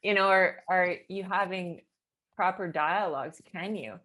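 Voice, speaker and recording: A woman's voice: fairly low pitch, unhurried, a bit bright. A woman chatting casually in a rambling way, with many fillers and nervous laughter. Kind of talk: casual chat.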